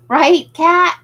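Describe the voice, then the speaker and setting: A woman's voice: high-pitched, fairly bright tone, rough recording. A woman who runs a craft shop, hosting a casual livestream and chatting with viewers. She is self-deprecating and laughs often.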